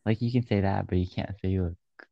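A man's voice: deep voice, steady tone, brisk, gravelly, no room sound, lo-fi sound. A man chatting casually with a friend, giving short wry replies. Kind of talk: casual chat.

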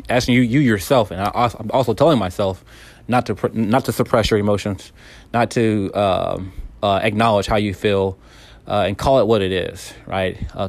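A man with a fairly low voice speaks calmly and earnestly, coaching the listener through a hard time. He often doubles back on his words and restarts his sentences as he works through his thoughts. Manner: calm and earnest, many repeated words and restarts. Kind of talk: candid self-help monologue.

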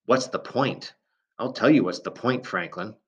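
Brief: man playing a bitter father, cracked voice rising, low-pitched, dull lo-fi sound. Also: expressive, moderate pace, a bit bright. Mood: angry. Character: grieving, bitter middle-aged father. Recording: dull lo-fi recording.

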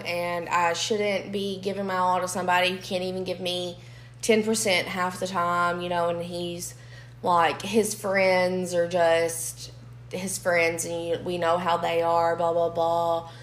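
A woman's voice: on the low side, little pitch movement, unhurried. A young woman, telling a dating story bluntly in casual podcast chat and swearing freely. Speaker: podcast co-host. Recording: echoey room.

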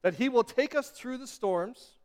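A man's voice: very high-pitched, expressive, normal speed, darkish tone, in a large hall. A man preaching a sermon as pastor, repeating himself with restarts and building to emphatic peaks. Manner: repetitive, stammering restarts, building to emphatic crescendos.

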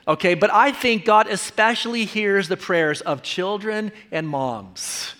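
Pastor, male, higher voice, earnest conversational sermon delivery with frequent repetition. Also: measured pace, hardly any pauses, sharp tone.

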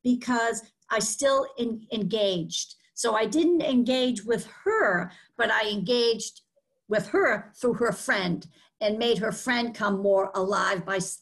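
A woman's voice: medium pitch, a bit bright. A woman with a Boston accent, an author being interviewed, explaining earnestly with many fillers. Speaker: author guest. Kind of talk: interview conversation.

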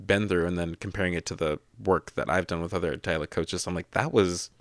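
A man's voice: low voice, steady tone, quick pace, dry recording, clean studio sound. A young man co-hosting a podcast, chatting casually and telling stories with many filler words. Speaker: podcast co-host. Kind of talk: casual chat.

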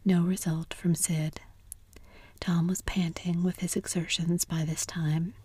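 A woman narrating a storybook in whispered role-play, soft and measured. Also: on the low side, flat delivery, breathy edge, no room sound.

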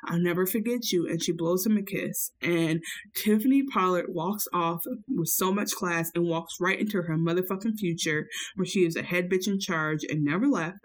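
A woman's voice: on the low side, moderate pace. A woman podcaster in casual recap chat, telling the story with acted-out quotes and plenty of swearing.

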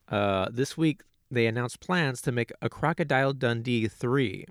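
A man hosting a comedy show, delivering mock news jokes and bickering in a deadpan, defensive way. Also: mid-range voice, a little slow, soft background music. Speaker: comedy podcast host.

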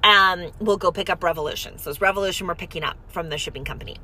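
A woman in casual chat from a parked car, retelling an errand in animated detail with quoted dialogue. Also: lowish voice, fast talker, a little hiss or hum. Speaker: storyteller recounting an errand.

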